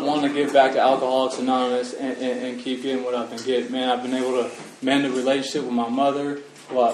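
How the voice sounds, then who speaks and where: A man sharing his recovery story at a meeting, halting and earnest with many restarts, emotional. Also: medium pitch, background noise. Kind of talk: personal recovery testimony. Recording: roomy echo, far from mic, faint ambience.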